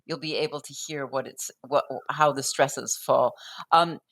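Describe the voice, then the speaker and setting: A woman with a low voice talks through poetic form in a loose, conversational way. She pauses, restarts her sentences and fills gaps as she thinks. She sometimes taps out the beat aloud. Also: a bit bright. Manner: thoughtful, with frequent restarts and fillers; taps out rhythms aloud as da-dum. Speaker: poetry guest explaining poetic form. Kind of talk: conversational explanation.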